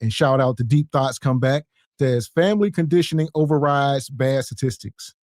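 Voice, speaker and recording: A man's voice: medium pitch, normal speed, a little mellow, no room sound, clean studio sound. A man co-hosting a podcast, reading viewer comments out in a laid-back, wry way. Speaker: podcast co-host.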